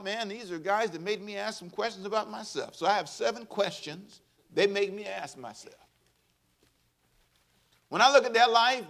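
Male pastor, animated sermon delivery with call-and-response, bright high voice. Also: vocal fry. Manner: animated preaching with call-and-response and acted-out quotes.

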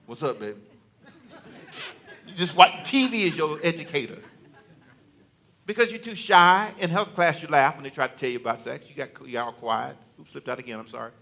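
Bright high-voiced male preacher. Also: brisk, creaky. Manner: conversational, joking, teasing the congregation. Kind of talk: sermon. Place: church.

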